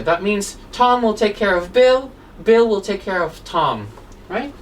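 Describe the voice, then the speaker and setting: A woman's voice: medium pitch, expressive, a little slow. A woman teaching an English grammar lesson, explaining step by step and asking rhetorical questions. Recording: distant mic with faint background noise.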